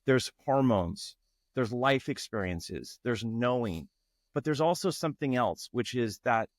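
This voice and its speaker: A man's voice: mid-range voice, lively intonation, unhurried, dry recording, clean studio sound. A man speaking as a guest in an interview, earnest and searching, often restarting his phrases. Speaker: guest, tantra facilitator. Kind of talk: reflective interview talk.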